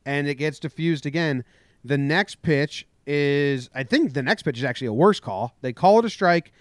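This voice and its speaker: A man on a casual sports podcast, talking with a slightly raised pitch and lively storytelling. His voice is close and dry, with no room around it. He acts out the shouting of the people in his story. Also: moderate pace, no echo. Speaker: podcast co-host.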